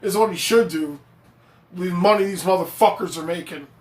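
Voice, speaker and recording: A man with a high-sitting voice talks at a moderate pace while ranting on a live stream, reacting to a game as a fan. He swears freely, gets fired up, and reads viewer chat aloud, all recorded in an echoey room.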